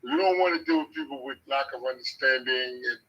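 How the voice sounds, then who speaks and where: A man's voice: medium pitch, fairly even intonation, a little fast, fairly bright tone, husky, lo-fi sound. A man talking as a guest on a live show, earnest and motivational, repeating his points.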